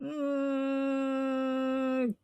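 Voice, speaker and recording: A woman's voice: high-pitched, monotone, very slow, darkish tone. A woman hosting a reaction commentary, sarcastic and mocking. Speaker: host.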